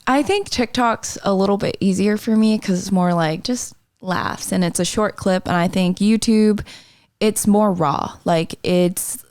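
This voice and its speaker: A woman's voice: mid-range voice, a little slow, darkish tone, no room sound, studio quality. A woman chatting as a podcast guest. She is a chatty storyteller who slips into voices when she quotes people. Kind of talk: casual chat.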